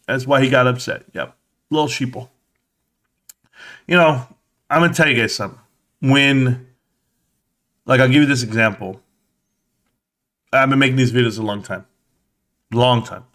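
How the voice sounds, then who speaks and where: A man's voice: mid-range voice, moderate pace, long pauses, a bit bright. A man in his thirties hosting a casual stock market livestream, reading chat aloud in a blunt, mocking way, swearing and laughing often, a little tired. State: tired, yawning.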